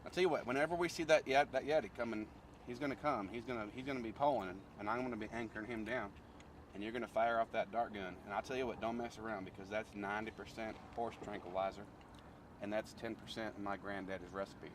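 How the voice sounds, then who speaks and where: A man's voice: on the low side, steady tone, fast, natural voice. Man doing rambling folksy wildlife expert, stammering, outdoor noise, distant mic. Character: bumbling male wildlife expert Darius. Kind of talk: improvised comedy sketch acting.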